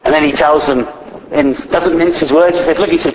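A man's voice: fairly high pitch, steady tone, moderate pace. A man preaching a sermon, retelling scripture in plain conversational speech with frequent fillers. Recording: echoey, faint background noise.

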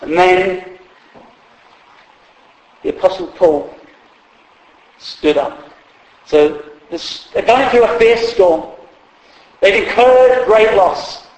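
A man's voice: high-pitched, drawn-out words, pauses often, darkish tone. A man preaching a sermon in a humorous, conversational way, acting out quotes along the way. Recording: echoey hall.

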